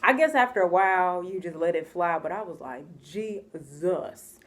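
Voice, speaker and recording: A woman's voice: on the low side, brisk. Chatty American woman telling a story. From United States. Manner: chatty, expressive, acts out dialogue, laughs often. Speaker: vlogger telling a personal story. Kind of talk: casual storytime monologue.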